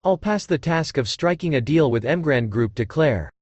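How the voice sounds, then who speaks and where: A man's voice: fairly high pitch, animated, moderate pace, a little mellow, breathy edge, dry recording. A man voicing a stern, commanding elderly matriarch in an audiobook, speaking curtly. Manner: commanding, curt.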